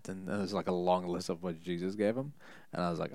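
Young man, very low gravelly voice, joking and rambling through casual stories in a dry, close setting. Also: steady tone, fast, hardly any pauses, darkish tone, no echo. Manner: rambling, joking, many fillers and restarts, laughs at own stories. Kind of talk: casual storytelling chat.

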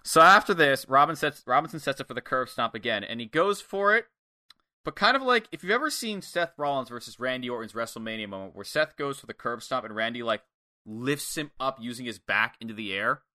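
A man co-hosting a casual podcast chat, recapping wrestling matches in an animated way with plenty of swearing. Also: mid-range voice, fairly quick.

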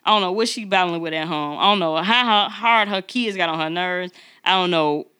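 Woman, podcast host, lowish voice, bright tone, emphatic, laughs a lot. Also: a little fast, clean tone. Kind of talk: casual chat.

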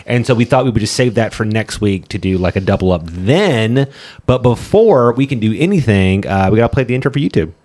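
A man's voice: fairly low pitch, lively intonation, brisk, darkish tone. A man co-hosting a casual podcast, talking through shows and movies with many fillers and restarts. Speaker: podcast co-host.

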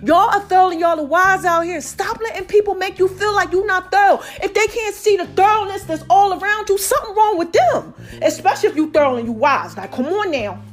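A woman's voice: very high voice, fairly quick, few pauses, faint music behind. A woman hosting a podcast, giving casual motivational talk in a playful way, repeating phrases and calling her listeners "baby.". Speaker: podcast host.

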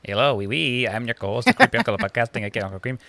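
A man in his twenties co-hosting a podcast, goofing around with deadpan bits and laughter. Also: mid-range voice, racing, dry recording. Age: 20s. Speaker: podcast co-host. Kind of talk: casual podcast chat.

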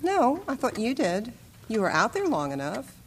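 A brisk 1950s mother. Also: on the high side, huge pitch swings, slight background noise. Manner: brisk, scolding. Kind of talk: 1950s-style radio acting.

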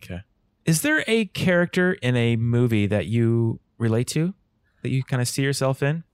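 A man's voice: medium pitch, lively intonation, moderate pace, clear, resonant tone, no echo. A man hosting a casual conversation about movies, enthusiastic and asking questions.

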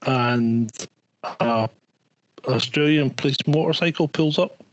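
A man's voice: medium pitch, slow, highs cut off. A man chatting casually as co-host, telling stories with amusement over a remote call. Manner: storytelling, amused. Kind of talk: casual chat.

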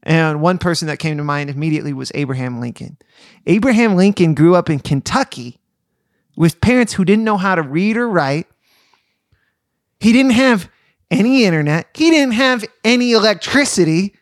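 Podcast co-host, male, bright high voice, earnest teaching tone, dry studio sound. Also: animated, no room sound. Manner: earnest, preacherly, reads scripture slowly. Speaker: podcast co-host and youth leader. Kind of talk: casual faith podcast chat with scripture reading.

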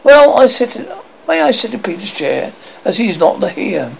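A man's voice: sits high, big pitch swings, moderate pace, vocal fry, slight background noise, voice pushed up, heavily acted, low-quality recording. A man reading aloud and voicing an earnest, proper boy who protests indignantly.

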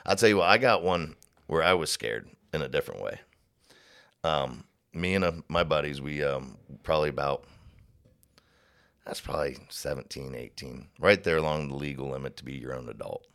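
A man with an extremely low, gravelly voice, talking in a relaxed, rambling way. He tells folksy stories and slips into voices for the people in them. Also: normal speed. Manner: rambling, folksy storyteller, acts out voices in his anecdotes. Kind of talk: casual storytelling chat.

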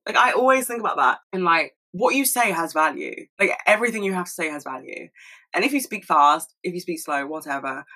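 A young woman talking fast and rambling in a casual monologue at home, swearing freely. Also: fairly low pitch, pushed and bright, rough recording. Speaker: solo podcast host.

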